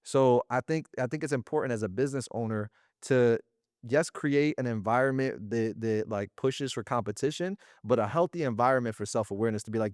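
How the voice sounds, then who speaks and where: A man talking as an interview guest about running a sales business, in slangy, animated casual speech. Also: medium pitch, fairly quick, dry recording, studio quality. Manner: slangy and animated, often acting out little quoted exchanges.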